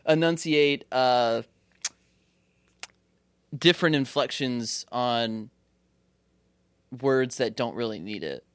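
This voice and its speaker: A young co-host with a lively, bouncing pitch who laughs through stories and imitates other people's speech. The sound is dry and close to the mic. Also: drawn-out words, pauses often, no room sound. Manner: giggly storyteller, mimics people. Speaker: podcast co-host. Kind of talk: casual chat.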